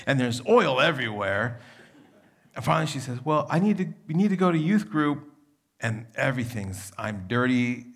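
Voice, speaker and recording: A young adult male pastor preaching a sermon in a conversational, storytelling manner, with a gravelly voice. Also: mid-range voice.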